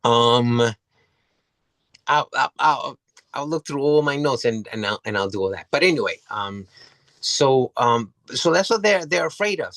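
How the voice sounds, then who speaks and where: Rambling new man, bright tone. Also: medium pitch, animated, unhurried, dry recording. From New York City. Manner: rambling, many restarts and repeated words, swears freely. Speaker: interview guest. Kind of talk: casual storytelling in an interview.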